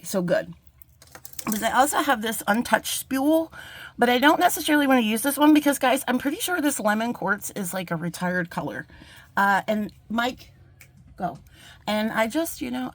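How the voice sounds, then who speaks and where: Chatty woman at her craft desk. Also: mid-range voice. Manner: chatty, rambling, self-deprecating, with fillers. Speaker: jewelry-making channel host. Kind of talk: casual crafting tutorial. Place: home craft desk with a cat around.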